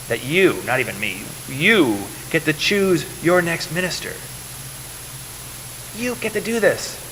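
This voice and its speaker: Guy introducing the guest preacher, bright tense voice, echoey church, slight hiss. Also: a little high. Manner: earnest, enthusiastic, some stumbling fillers. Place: church sanctuary. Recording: reverberant church hall, faint hiss.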